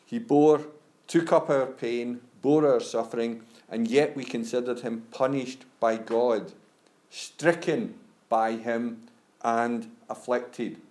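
A man's voice: medium pitch, a little mellow. A male preacher giving a conversational sermon, often saying "you know" and stammering on restarts.

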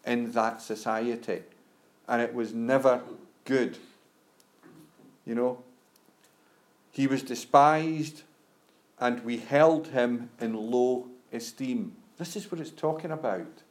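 A male preacher giving a conversational sermon, often saying "you know" and stammering on restarts. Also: medium pitch.

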